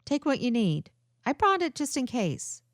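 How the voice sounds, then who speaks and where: A nervous, self-doubting young woman , as a woman reads her in an audiobook. Her lively voice rises and falls a lot, and the dry recording has no room sound. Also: high voice, moderate pace, no echo, pitched above the performer's own voice. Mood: kind. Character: young woman, anxious first-time undercover agent.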